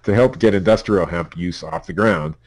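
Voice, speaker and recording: A man's voice: deep voice, moderate pace. A man with a Pennsylvania accent co-hosting a podcast, reading news stories aloud with stumbles, laughs and asides. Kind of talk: casual news chat.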